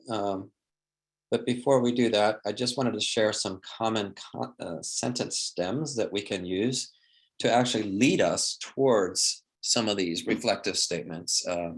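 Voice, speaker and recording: A man's voice: on the low side, a little slow. A man leading a training lecture, explaining in a thoughtful way and acting out example phrases, often restarting his sentences.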